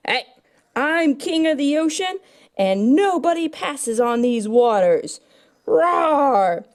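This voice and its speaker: A woman's voice: high-pitched, very animated, slow, heavily acted. A woman voicing a boastful, bossy male sea monster in a toy play video.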